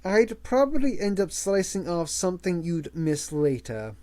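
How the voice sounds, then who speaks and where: A man's voice: high-pitched, sing-song, unhurried, mellow. A man voicing a clone soldier, guarded and blunt, matter-of-fact in his lines.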